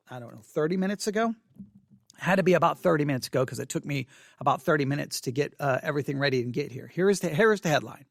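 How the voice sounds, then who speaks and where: Flustered preacher, winded, higher voice, dry close mic. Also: male voice, quick pace, vocal fry, no echo. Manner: flustered, rambling restarts. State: out of breath. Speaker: Baptist preacher commenting on news. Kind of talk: off-the-cuff news commentary. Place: church building. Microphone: desk microphone.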